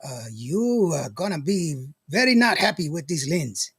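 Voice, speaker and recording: Guy doing a fussy japanese lens seller, put-on accent, slow broken english, high and husky. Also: very animated, fairly bright tone, full character voice. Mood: fussy politeness. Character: polite Japanese male used-lens dealer.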